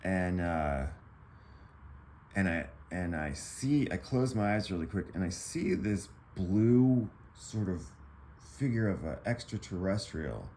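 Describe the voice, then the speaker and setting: A man casually telling a personal story to camera, rambling and profane, with many fillers and restarts. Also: low-pitched.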